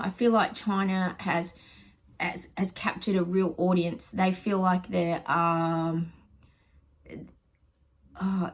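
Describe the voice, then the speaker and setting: A middle-aged Australian woman, a psychic vlogger, chats casually with her viewers at home in a voice on the low side. She rambles with plenty of ums and friendly asides, and the recording is rough.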